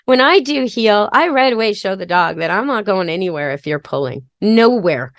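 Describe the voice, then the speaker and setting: A woman's voice: mid-range voice, animated, normal speed, no room sound. A woman pet expert hosting a podcast, giving practical, step-by-step training advice in a chatty, casual way. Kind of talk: casual instructional talk.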